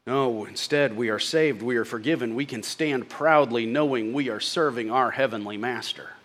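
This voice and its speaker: A man preaching a sermon who swings from loud exclamations to hushed lines and drops in folksy, joking asides. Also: medium pitch, moderate pace.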